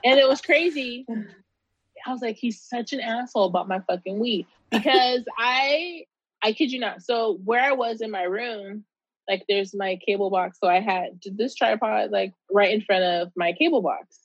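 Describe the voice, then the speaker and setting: A woman's voice: fairly high pitch, a little slow, dry recording, lo-fi sound. A woman guest telling a casual, candid story in an interview, swearing freely and retelling it with animation.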